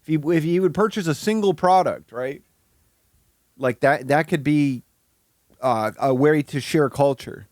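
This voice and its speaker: A man's voice: on the high side, unhurried, a little mellow, no echo, clean studio sound. A man from Michigan giving casual, wry, crude running commentary over a video he is watching. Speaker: streamer reacting to a video.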